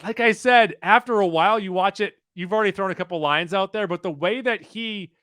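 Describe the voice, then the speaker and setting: A man co-hosting a casual chat, announcing sketch rankings with quick asides. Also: high-pitched, a bit bright, smooth, dry recording, clean studio sound. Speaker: podcast co-host.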